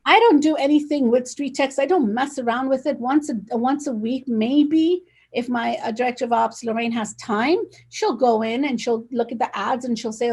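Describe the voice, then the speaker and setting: Raspy, energetic woman on a video call. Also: a little high, moderate pace, hardly any pauses. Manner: energetic, emphatic, direct. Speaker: real estate agent, guest. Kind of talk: casual conversational interview.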